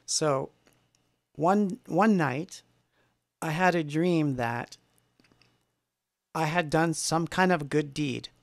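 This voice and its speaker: Host musician, male, raised pitch, rambling and self-deprecating, dry close mic in his studio. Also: takes it slowly, long pauses, dry recording. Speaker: musician hosting a livestream. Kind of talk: casual storytelling.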